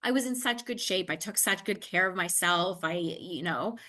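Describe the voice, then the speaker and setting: A woman in an interview telling a personal story in a casual, animated way, acting out the conversations and often saying "like". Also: lowish voice, normal speed. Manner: animated, acts out dialogue, frequent "like".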